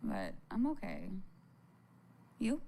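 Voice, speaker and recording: A woman's voice: on the high side, wildly swooping pitch, slow pace, creaky, warm tone, a little hiss or hum. A tired woman chatting casually with her live-stream viewers from home, rambling, laughing and swearing as she goes.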